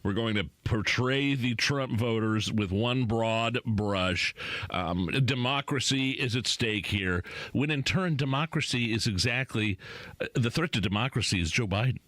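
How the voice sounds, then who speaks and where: A man's voice: medium pitch, unhurried, fairly bright tone, no echo. A man co-hosting a political talk radio show, talking in a wry, loose and conversational way from a studio microphone.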